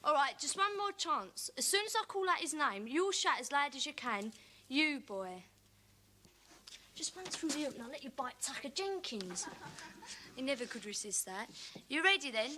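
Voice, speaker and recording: A woman's voice: high-pitched, lively intonation, normal speed. An actress playing a schoolgirl hamming up a dog-trainer act on a school stage, scolding the dogs and leading the audience. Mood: rousing. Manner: bossy scolding, leading audience call-outs. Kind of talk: 1980s TV drama acting. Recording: very noisy stage recording.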